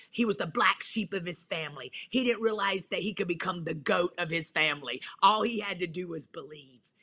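A woman preaches her testimony with fervent, emphatic energy and folksy slang. Her voice is bright and ringing, with a husky edge to it. She speaks as a pastor who is a guest on a talk show. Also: on the low side.

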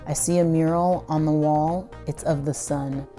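A woman's voice: sits low, steady tone, unhurried, over music. A woman telling a first-person story in a breathless, dramatic way, swearing now and then.

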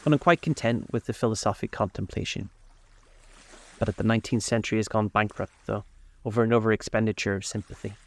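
A man's voice: on the low side, fairly even intonation, quick pace, vocal fry. A man voicing a witty, languid young aristocrat who talks in drawling epigrams.

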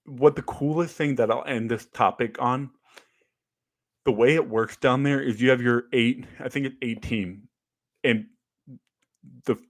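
A young former ballplayer co-hosting a podcast speaks at medium pitch, a little slowly, with long pauses. His casual chat is animated storytelling packed with fillers and false starts. The recording is dry.

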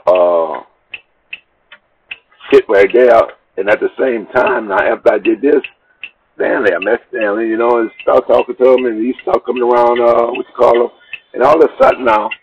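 A man telling a long, rambling personal story in casual, profane speech, acting out the people in it. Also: low voice. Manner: rambling, profane, animated retelling with quoted dialogue. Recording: dull lo-fi recording with faint noise.

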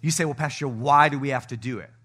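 A middle-aged male pastor preaching a sermon, joking with the congregation and swinging between loud shouting and soft asides. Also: mid-range voice, quick pace.

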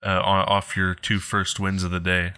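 A man co-hosting a gaming podcast, making dry, low-key remarks. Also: monotone, moderate pace, bright, forceful tone, clear, resonant tone. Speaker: podcast co-host. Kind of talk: live gaming podcast chat.

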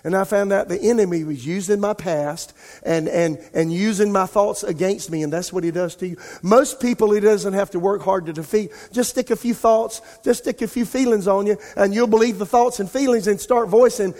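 High-pitched pastor preaching. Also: male voice, moderate pace. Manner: impassioned, rising and falling in loudness. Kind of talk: sermon. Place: church sanctuary. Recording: long reverb of a large church hall.

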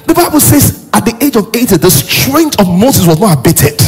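A male pastor with a Nigerian accent preaching a sermon emphatically, rising into shouts and sing-song. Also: high-pitched, sing-song, moderate pace, husky, soft background music.

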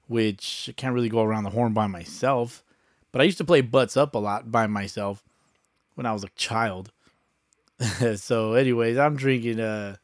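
A man's voice: lowish voice, dry recording, studio quality. Profane, rambling man hosting a podcast. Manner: loose, profane, rambling with many fillers. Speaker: podcast host. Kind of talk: casual solo podcast chat.

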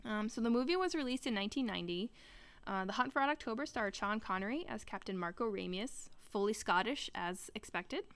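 A woman's voice: medium pitch, expressive, a little fast, a bit bright, clear, resonant tone. A young adult woman co-hosting a podcast, chatting casually and rambling with many restarts. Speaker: podcast co-host. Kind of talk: casual chat.

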